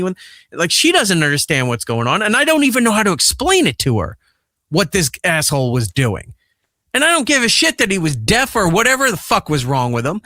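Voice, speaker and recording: Profane, animated man telling a story. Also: high-pitched, brisk, dry recording, clean studio sound. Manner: profane, animated retelling that acts out quoted lines. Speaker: podcast host and father. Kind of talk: casual storytelling chat.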